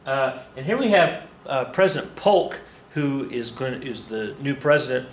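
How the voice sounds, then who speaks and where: A man's voice: medium pitch, expressive, unhurried. Male history teacher, casual classroom lecture, joking, self-correcting, roomy echo, faint background hum.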